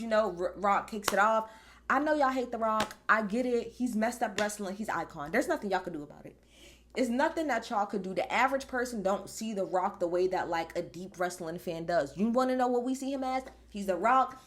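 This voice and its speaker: Animated, swearing woman vlogger. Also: medium pitch. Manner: emphatic, animated, swears freely. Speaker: wrestling show reviewer. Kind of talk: casual recap vlog.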